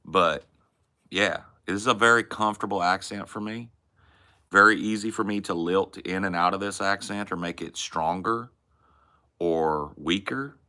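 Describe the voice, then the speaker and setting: A man's voice: deep voice, moderate pace. A man with a Texan accent chatting casually as a podcast host, candid and rambling. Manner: candid, rambling, relaxed drawl. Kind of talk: casual chat.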